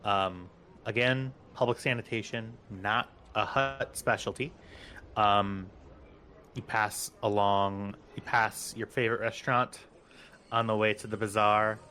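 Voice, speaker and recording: Slow, low-voiced man narrating a game. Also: steady tone, sharp tone, a little hiss or hum. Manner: unhurried, many ums, casual asides. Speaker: game master.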